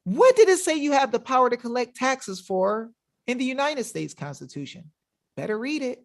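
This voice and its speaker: A man's voice: very high-pitched, very animated, normal speed, creaky. A man hosting a webinar in an emphatic, combative, slangy manner, talking casually to his viewers. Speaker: webinar host. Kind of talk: fiery casual livestream talk.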